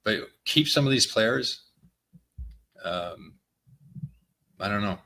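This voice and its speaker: A man with a low voice talks through sports analysis on a podcast, measured and a bit hesitant. His tone is forceful and bright despite the low pitch. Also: expressive, vocal fry. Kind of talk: casual sports podcast chat.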